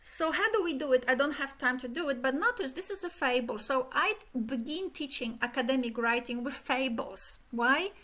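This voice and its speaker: A middle-aged woman giving an animated academic keynote lecture, illustrating speech rhythm with sung syllables. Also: high-pitched, normal speed, hardly any pauses. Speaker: keynote speaker.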